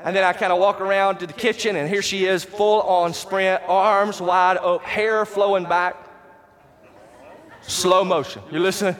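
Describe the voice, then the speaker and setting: A man preaching a sermon as pastor, emphatic and rising to shouts on key words, and calling out to the congregation for responses. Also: sits high, little pitch movement, normal speed. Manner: talks to the congregation directly, asks for responses. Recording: long reverb of a large hall.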